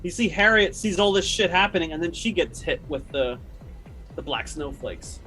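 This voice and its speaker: A man running a tabletop horror game as game master, talking casually with many pauses and fillers. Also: a little high, lively intonation, sharp tone, faint music behind, rough recording. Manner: casual, halting, lots of fillers.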